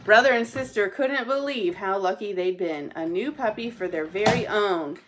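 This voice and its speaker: A woman teacher reading a children's storybook aloud in a gentle way. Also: mid-range voice, moderate pace, slight background noise. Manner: gentle, answers a child's interruptions.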